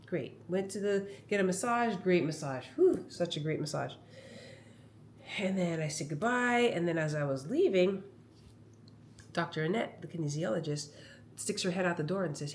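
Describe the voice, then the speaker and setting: Chatty low-voiced woman vlogger. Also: moderate pace, a little hiss or hum. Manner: chatty, rambling, animated storytelling. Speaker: comedian vlogger. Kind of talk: casual vlog monologue. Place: at home. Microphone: phone camera.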